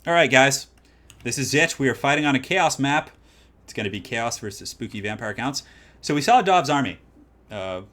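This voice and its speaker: A man casting a strategy game match live, moving from calm analysis to loud excited hype. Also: medium pitch. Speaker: streamer casting a tournament match.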